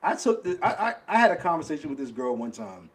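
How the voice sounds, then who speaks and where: A man's voice: a little high, sing-song, quick pace. A man, chatting bluntly on a podcast and mimicking other people's voices. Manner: blunt, acts out quoted voices. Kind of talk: casual chat.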